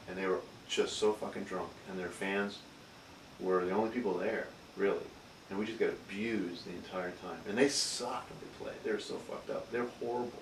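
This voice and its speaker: A man who played in a touring band tells an animated anecdote with a lot of swearing and quick asides. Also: fairly low pitch, recorded from a distance, slight background noise. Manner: animated, profane, builds a story with asides. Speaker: band member recalling a tour. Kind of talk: anecdotal storytelling. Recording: echoey room, mic set back.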